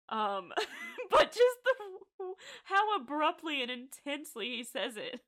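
A woman co-hosts a casual podcast, retelling a TV episode scene by scene. She laughs often and gets animated, with a bright, forceful tone. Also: sits high, takes it slowly. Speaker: podcast co-host. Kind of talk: casual chat, recapping a TV episode.

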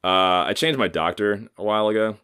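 A man's voice: fairly low pitch, brisk, bright, forceful tone, clean tone. A man in his thirties hosting a casual solo podcast, rambling and swearing freely while joking at his own expense. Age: 30s. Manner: profane, rambling, self-mocking jokester. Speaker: podcast host.

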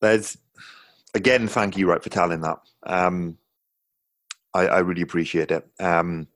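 A man with a very low voice hosts a podcast over a video call. He talks in a friendly, rambling way and keeps checking in with his guest. His recording is close and dry. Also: a little slow, no room sound. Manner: friendly, rambling, lots of fillers and "right?" checks. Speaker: podcast host. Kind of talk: casual interview.

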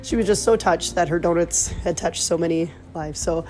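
A woman, a mother, earnestly telling personal faith stories in a casual, animated way. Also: on the low side, moderate pace, soft background music. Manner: earnest, animated retelling with laughs.

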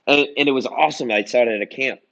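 A young adult man, a basketball coach, telling animated stories in a casual interview and acting out quoted dialogue. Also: mid-range voice, fast talker, creaky, no room sound, dull audio. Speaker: junior college head coach, guest.

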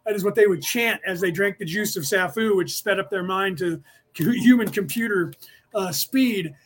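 A middle-aged man from the San Francisco Bay Area who talks in a rapid, rambling rush as he hosts a casual spiritual lecture for his podcast. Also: sits high, fairly bright tone, slight background noise. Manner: rapid, rambling, restless delivery. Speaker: podcast host teaching a class.

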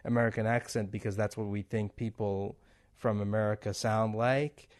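A man's voice: lowish voice, fairly even intonation, moderate pace, darkish tone. Chatty man with easy laughs. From a non-English-speaking country. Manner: laughs often, many fillers and restarts. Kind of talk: casual chat.

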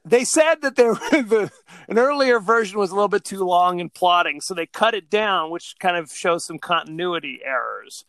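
A man's voice: high-pitched, animated, moderate pace, a bit bright, no echo, clean studio sound. A man co-hosting a podcast in casual chat, rambling along with frequent fillers. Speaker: podcast co-host.

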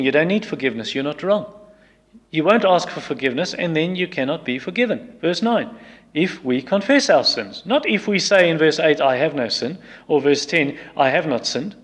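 Guy preaching, kinda high voice, emphatic, repeats himself, echo of a big hall. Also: a bit bright. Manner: emphatic, repeats lines and acts out excuses in quoted voices. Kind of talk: sermon. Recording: long reverb of a hall.

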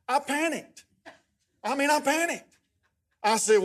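A middle-aged man preaching as a guest pastor, telling stories in a lively, humorous way. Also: extremely high pitch, a little slow, long pauses. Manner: animated, humorous storytelling with many restarts. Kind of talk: sermon.

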